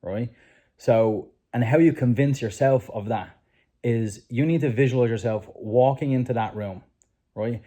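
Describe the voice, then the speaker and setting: A man's voice: medium pitch, a little slow, dark tone. A man hosting a casual chat, earnestly coaching a guest on manifesting and repeating "right?" often. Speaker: host. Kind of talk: motivational advice chat.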